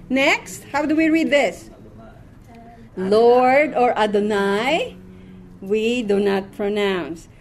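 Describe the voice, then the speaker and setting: A woman's voice: mid-range voice, slight background noise. A woman teaching a classroom Hebrew reading lesson, patiently quizzing her students word by word.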